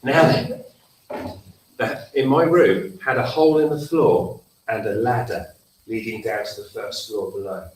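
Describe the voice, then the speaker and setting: A man's voice: lowish voice, unhurried. A man leading an interactive storytelling workshop for children, acting out the story and calling for responses. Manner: animated, leads actions and call-and-response. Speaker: theatre workshop leader. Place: school hall. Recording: echoey hall, distant mic, faint noise.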